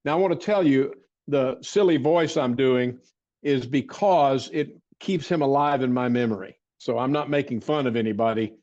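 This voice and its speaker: An older man telling a personal story as an interview guest, with rambling restarts and frequent throat clearing. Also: mid-range voice, moderate pace, a little mellow, muffled recording. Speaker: interview guest, martial arts teacher.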